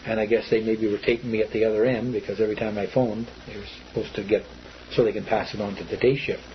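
A man's voice: lowish voice, flat delivery, quick pace, slight background noise. A man telling of something he witnessed in a rambling, repetitive way, acting out what others said. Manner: rambling, repetitive, acts out quoted speech. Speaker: eyewitness telling his story. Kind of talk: casual spoken recollection. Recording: slightly muffled lo-fi recording.

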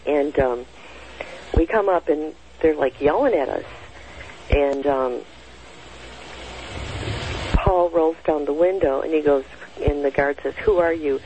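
A woman's voice: low-pitched, takes it slowly, long pauses, dark tone. A woman in her sixties recounting a personal experience in casual, rambling speech full of fillers and restarts. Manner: rambling, with many fillers and self-corrections. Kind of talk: casual spoken storytelling. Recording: dull lo-fi sound with faint noise.

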